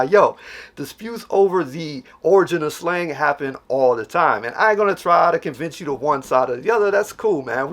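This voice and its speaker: A man from Illinois hosting an English-teaching vlog, talking in a relaxed, slangy way and explaining with examples. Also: a little high. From Illinois, USA. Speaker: English teacher and video host. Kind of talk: casual talking-to-camera vlog.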